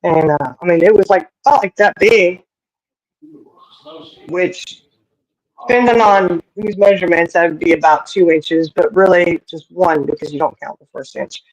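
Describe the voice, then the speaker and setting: A chatty voice spinning a family yarn, folksy and lively, full of little asides. The pitch sits in an ordinary middle range. The sound is close and dry, with no room around it. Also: moderate pace, no room sound, rough recording. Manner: folksy, animated, rambling with many asides. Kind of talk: casual storytelling.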